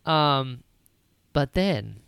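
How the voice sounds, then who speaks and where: A woman hosting a podcast, recapping a film in casual chat with lively retellings. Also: extremely low pitch, creaky, clean tone, dry recording, clean studio sound. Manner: animated retelling with quick character voices. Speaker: podcast host.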